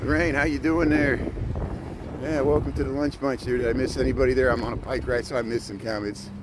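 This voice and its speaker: A friendly, talkative man gives a live tour from his bike, pointing out sights as he goes. His voice sits at an ordinary middle pitch. Wind and traffic noise come through clearly around him outdoors. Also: steady tone, a little fast. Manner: chatty, points out sights as he rides. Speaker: vlogger giving a livestreamed bike tour. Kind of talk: casual live tour commentary. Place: outdoors by a city lakefront harbor, riding a bike. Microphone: camera mounted on a bike. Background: wind noise from riding.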